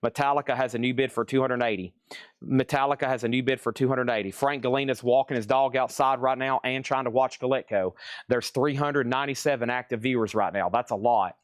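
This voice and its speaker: A man hosts a live record auction stream, running through titles, prices and bidders with quick asides. His voice is smooth and clear, recorded close and dry with no room sound. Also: medium pitch, fairly even intonation, dry recording.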